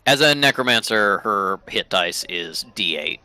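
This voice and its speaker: A man runs a tabletop game, his voice bright and a touch low. He stumbles through his descriptions with plenty of ums and breaks into laughter at his own jokes. The sound is close and dry. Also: animated, a little slow, no echo. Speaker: game master.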